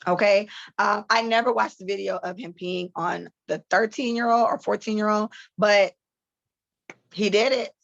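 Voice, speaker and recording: Gravelly, blunt-talking woman podcaster. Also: mid-range voice, normal speed, no echo. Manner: blunt, profane, animated storytelling. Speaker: podcast co-host. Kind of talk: casual commentary. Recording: slightly muffled dry podcast mic.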